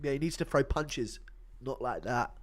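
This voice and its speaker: A male streamer giving loud, profane play-by-play while he reacts to a fight and reads chat. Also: medium pitch, normal speed. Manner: excitable, profane, loud bursts. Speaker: streamer host.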